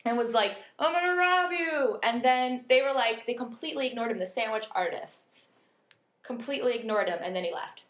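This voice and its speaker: A woman's voice: on the high side, steady tone, fairly quick. A woman co-hosting a podcast, chatting casually and reading out odd news stories in a playful, giggly way. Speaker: podcast co-host.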